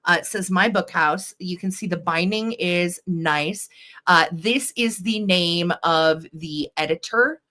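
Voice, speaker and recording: A woman's voice: on the low side, slow pace, sharp tone. A woman hosting a live online vintage sale, talking in a chatty, enthusiastic way with plenty of ums as she shows items. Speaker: host and vintage seller. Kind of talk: live online sales show.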